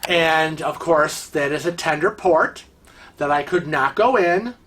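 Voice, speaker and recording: A man's voice: a little high, measured pace, fairly bright tone. A man telling cruise stories in a chatty, rambling way, with many fillers. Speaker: cruise vlogger. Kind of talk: casual storytelling.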